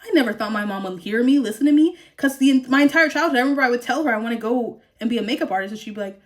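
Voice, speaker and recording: A woman's voice: on the high side, rapid-fire. A young woman in her twenties telling a personal story in a candid, emphatic way, swearing and laughing often. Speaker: vlogger.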